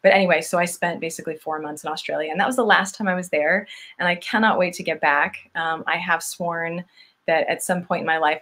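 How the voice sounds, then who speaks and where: Podcast guest, woman, forties, deep for her sex; chatty, full of fillers and restarts. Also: a bit bright. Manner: rambling with many fillers and restarts. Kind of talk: casual conversational storytelling.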